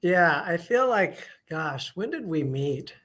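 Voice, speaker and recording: A man who is a guest on a podcast, chatting casually and telling stories in a lively way. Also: fairly high pitch, slow pace. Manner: lively storyteller, animated quoted asides. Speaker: guest, FBI agent. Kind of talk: casual interview chat.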